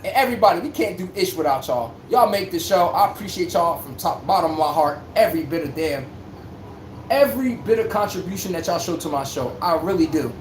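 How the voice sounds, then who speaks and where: A man's voice: sits high, lively intonation, fairly quick. A man hosting a livestream sports talk show for his chat, brash and joking, full of slang and sudden bursts of hype. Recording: roomy echo with faint background hum.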